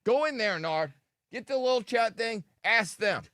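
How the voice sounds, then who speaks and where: A man's voice: high voice, expressive, normal speed, sharp tone, no room sound, studio quality. A man hosting a morning radio show, joking crudely and trading banter with his co-hosts. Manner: crude joking, mock-whiny impressions.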